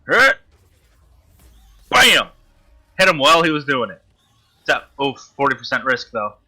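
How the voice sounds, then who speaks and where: Man, gameplay commentary, constant swearing, sharp bright voice. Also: medium pitch, brisk. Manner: frustrated, swearing constantly, talking to the enemy. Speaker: gamer.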